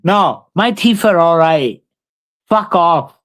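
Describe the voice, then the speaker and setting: A brash man, swearing freely and bickering with his live chat. His voice sits a touch high, loose and conversational, like someone reading comments aloud and firing back. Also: animated, takes it slowly, fairly bright tone. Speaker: livestreamer. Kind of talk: casual live-stream chat.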